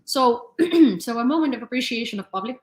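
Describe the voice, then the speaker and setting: A woman's voice: fairly high pitch, lively intonation, brisk, a little mellow. A young woman hosting a live news stream, talking in a chatty, rambling way with many fillers and frequent laughs. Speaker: news channel host. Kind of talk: casual live-stream commentary. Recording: roomy echo.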